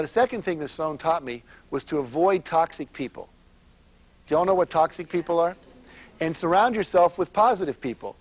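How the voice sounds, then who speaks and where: A middle-aged man, a motivational speaker, giving a live seminar talk, telling stories and asking the audience questions. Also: a little high. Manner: storytelling, asks the audience questions.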